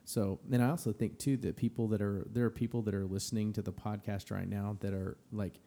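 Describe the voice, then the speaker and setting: A man podcast co-host with a low, gravelly voice and a dark, mellow tone. He speaks encouragingly but hesitantly, pausing often on fillers. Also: level tone. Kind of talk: casual encouragement.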